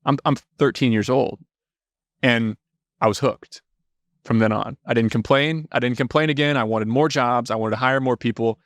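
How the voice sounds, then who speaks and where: A man from Indiana, a podcast guest telling stories in a casual, animated way, swearing freely. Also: medium pitch, normal speed, no room sound, clean studio sound. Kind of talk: casual storytelling.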